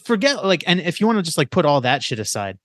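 Slangy young man, slightly high voice. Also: very animated, fast, dry recording. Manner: loose, slangy, filler-heavy. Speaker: podcast co-host. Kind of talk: casual chat.

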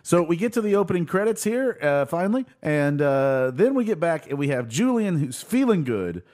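A man's voice: on the high side, big pitch swings, moderate pace, darkish tone. A man casually chatting as podcast co-host, retelling scenes with lots of fillers. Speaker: podcast co-host recapping a show. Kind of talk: casual chat.

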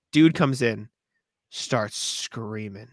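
A young man co-hosting a podcast, chatting casually and telling animated, profane stories. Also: medium pitch, extremely slow, no echo, studio quality. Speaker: podcast co-host. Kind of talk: casual chat.

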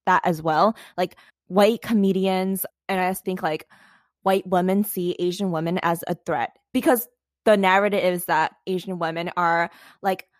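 Animated young woman chatting on a podcast. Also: lowish voice, moderate pace, dry recording, clean studio sound. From United States. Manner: animated, swears freely, frequent "like". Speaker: podcast co-host. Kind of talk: casual podcast chat.

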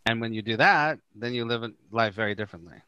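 A man's voice: mid-range voice, quick pace, clean tone, no room sound, dull audio. A middle-aged man, a spiritual teacher and guest, talking casually and acting out the quotes in his stories. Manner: animated storyteller who acts out quoted lines. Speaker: Course in Miracles teacher, podcast guest.

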